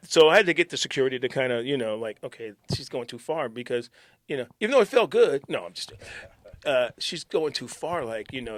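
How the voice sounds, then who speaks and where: A man's voice: mid-range voice, animated, fairly quick, no echo. A middle-aged man, a former morning radio host, telling stories in a casual interview, joking and laughing often. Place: radio station.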